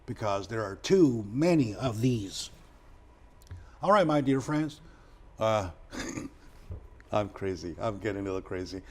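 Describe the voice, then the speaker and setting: A man hosting a discussion show, telling stories with emotional, excitable bursts and repeating words for emphasis. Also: slow pace, pauses often. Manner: animated, emotional retelling with sudden loud raised pitch; non-native phrasing, repeats words for emphasis. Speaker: talk show host.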